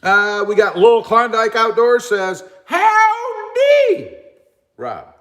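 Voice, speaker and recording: A man hosting a casual livestream, talking loudly and reading out viewer comments. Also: high voice, a little slow. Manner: loud, animated, reads viewer comments. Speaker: livestream host.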